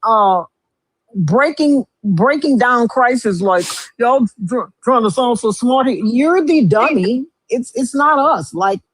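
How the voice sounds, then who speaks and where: A co-host on a casual debate stream, slow and sardonic, with stammered restarts. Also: medium pitch, lively intonation, breathy edge, no room sound, low-quality recording.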